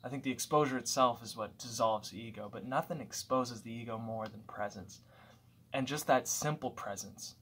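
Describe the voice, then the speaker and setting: A man's voice: medium pitch, moderate pace, a bit bright, breathy edge. Man musing at home, thoughtful and rambling. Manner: thoughtful, rambling, with restarts and filler words. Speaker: vlogger. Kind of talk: casual reflective monologue.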